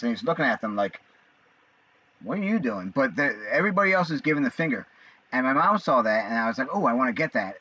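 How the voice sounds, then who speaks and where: A man in his forties talking casually on his own, rambling and halting with many fillers and restarts. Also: medium pitch, pushed and bright. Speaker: vlogger. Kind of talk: casual monologue. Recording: dull lo-fi sound.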